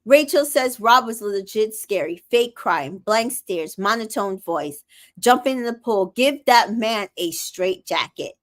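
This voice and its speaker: A woman's voice: mid-range voice, animated, measured pace. A woman hosting a casual show recap, reading viewer comments aloud and giving sassy, opinionated reactions.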